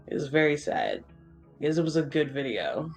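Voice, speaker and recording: A co-host of a gaming channel rambles through a casual chat while playing, leaning on fillers and dropping swears without a second thought. The voice sits at an ordinary middle pitch. Soft game music hums in the background. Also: very animated, fairly quick, creaky.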